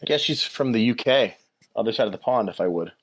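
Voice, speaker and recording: A man co-hosting a podcast in casual chat, reacting quickly and with enthusiasm. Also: fairly low pitch, lively intonation, husky. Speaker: guest co-host.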